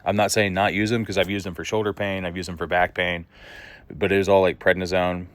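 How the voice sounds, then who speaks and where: A man's voice: low voice, little pitch movement, brisk. A man vlogging to the camera, telling a story in a blunt, casual way and swearing freely.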